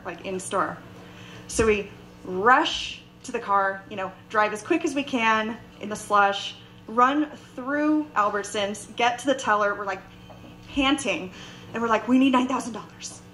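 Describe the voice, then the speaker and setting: A woman's voice: mid-range voice, moderate pace, rough recording. Young woman telling a story on stage. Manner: animated, acts out quoted voices. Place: bar stage before a live audience.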